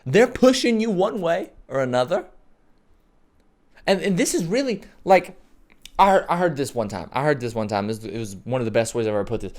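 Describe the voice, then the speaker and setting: A man preaching a sermon in an excitable, joking way, repeating phrases for emphasis. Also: mid-range voice, moderate pace. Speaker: pastor.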